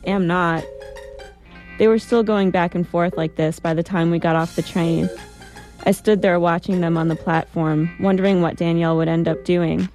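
A woman tells a first-person story in a calm, reflective way. Her voice sits low, and gentle music plays faintly beneath the reading. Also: moderate pace.

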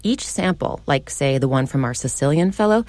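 A woman's voice: very deep voice, lively intonation, moderate pace, darkish tone, no echo. A woman reporting a radio feature in a conversational, lightly playful narration.

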